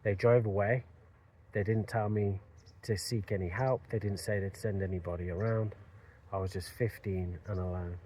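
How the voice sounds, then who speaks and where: Man with a fairly low voice recounting a personal story, earnest and reflective. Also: fairly even intonation, normal speed, dark tone, slight background noise. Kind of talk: personal story told to camera.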